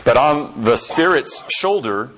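A man preaching at a middling pitch, retelling a story with halting fillers between his words. He slows down to lean on key words. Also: lively intonation, a bit bright, slight background noise, rough recording. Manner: hesitant, with many fillers and slow emphatic phrasing.

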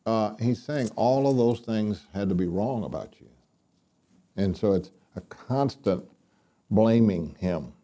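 A man gives a casual Bible teaching before a live audience, reading scripture aloud and then explaining it in plain words. His voice is very dark and mellow, and he speaks at an unhurried, deliberate pace, with ums and restarts along the way. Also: fairly low pitch.

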